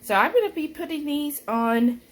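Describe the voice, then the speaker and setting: This woman speaks at a high, animated pitch and a normal pace. She's a keto food vlogger chatting casually from home, folksy and warm, calling her viewers "y'all."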